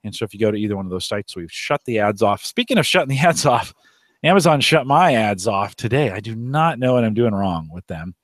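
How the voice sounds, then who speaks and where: A man's voice: on the low side, expressive, fairly quick, dry recording. A man hosting a live tech show, talking casually and rambling with frequent restarts, sitting outdoors on a deck. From Omaha area, United States. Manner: rambling, restarts often, chatty. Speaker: podcast host.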